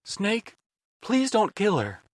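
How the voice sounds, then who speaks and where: A man voicing an anxious, excitable young male engineer who pleads in a high, nervous voice for an audiobook. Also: a little slow, no room sound, studio quality, full character voice. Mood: pleading. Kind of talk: audiobook character voice.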